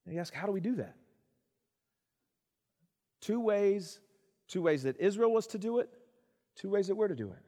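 With a high, animated voice, a male pastor preaches at a moderate pace, leaving long pauses. His sermon feels conversational, with asides to the congregation, repeated phrases for emphasis, and shifts from loud to hushed. The recording carries a long hall reverb.

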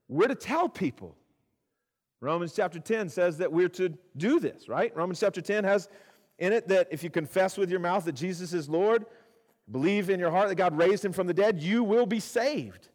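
A male pastor, preaching a sermon in a conversational way, with asides to the congregation and repeated phrases for emphasis. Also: on the high side. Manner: repeats phrases for emphasis, swings from loud to hushed. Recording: long hall reverb.

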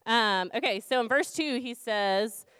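Smooth-voiced woman giving a chatty Bible talk. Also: fairly high pitch, unhurried, fairly bright tone, no echo. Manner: conversational, many um fillers, rhetorical questions. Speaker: campus ministry team leader. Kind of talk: informal Bible talk to students.

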